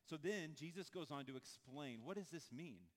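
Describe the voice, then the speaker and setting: A man preaching a sermon to a congregation, conversational and animated, breaking into acted-out quotes and casual asides. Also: on the high side, moderate pace. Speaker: pastor. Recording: long hall reverb.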